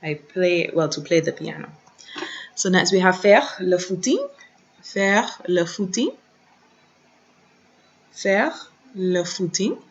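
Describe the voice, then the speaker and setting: Slow, careful woman teaching a lesson. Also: on the low side, animated. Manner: slow, careful, repeats words for practice. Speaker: French teacher. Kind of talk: recorded online lesson. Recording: dull, slightly lo-fi recording.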